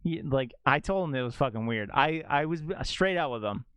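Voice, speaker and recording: Rambling young male streamer, smooth voice. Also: medium pitch, moderate pace, no room sound. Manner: rambling, animated, heavy use of "like". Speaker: game streamer. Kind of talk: casual storytelling chat to stream viewers.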